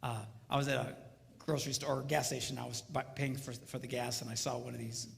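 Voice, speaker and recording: His pitch here is medium and creaky, his pace quick, as he works a live crowd with a comedic seminar on marriage. He animates his stories by acting out voices and sounds, captured in an echoey live hall with faint noise.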